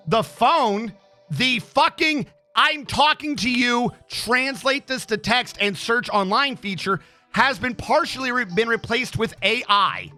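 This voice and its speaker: A man's voice: extremely high pitch, pushed and bright. A male game streamer with a throat infection, chatting casually on a livestream and ranting with plenty of swearing. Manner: ranting, profane, exasperated.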